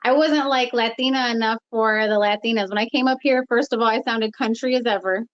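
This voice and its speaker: Brief: woman from Houston, slightly high voice, blunt frank storyteller, dull lo-fi recording. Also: brisk, no room sound. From Houston, Texas. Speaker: guest. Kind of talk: casual discussion. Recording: dull lo-fi sound.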